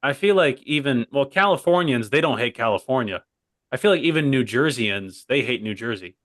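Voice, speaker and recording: A man's voice: mid-range voice, animated, fairly quick, fairly bright tone, no echo, clean studio sound. Rambling young man on a podcast. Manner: rambling, digressive, keeps saying "by the way". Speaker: co-host. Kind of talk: casual comedy podcast chat.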